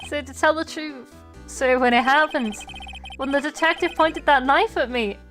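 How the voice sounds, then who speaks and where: A woman voicing an overeager, jittery young male police officer who ends almost every sentence with "sir" and talks loud and melodramatic. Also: sits high, normal speed, faint music behind. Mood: flustered.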